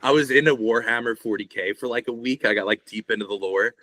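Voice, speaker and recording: A man's voice: mid-range voice, fast, sharp tone, no echo. A young man, a guest on a podcast, talking in a rambling, laid-back way and swearing often. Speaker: guest, shirt artist. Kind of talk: casual podcast conversation.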